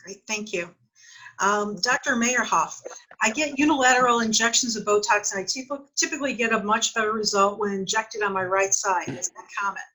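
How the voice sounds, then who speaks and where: Woman moderator, bright sharp voice, reads out questions quick and to the point. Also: mid-range voice, poor audio. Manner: brisk, reads questions aloud. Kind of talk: reading audience questions. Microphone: video call.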